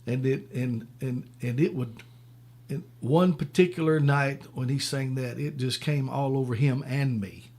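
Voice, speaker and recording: A man's voice: medium pitch, measured pace. A man hosting a radio talk show, responding with affirmations and sharing memories. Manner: warm affirming listener, reminiscent. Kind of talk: casual radio chat.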